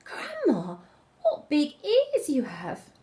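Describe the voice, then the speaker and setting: A woman doing a bright bold little girl. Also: high voice, huge pitch swings, slow, pitched above the performer's own voice, heavily acted. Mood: bold, childlike. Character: brave cheerful little girl in storybook.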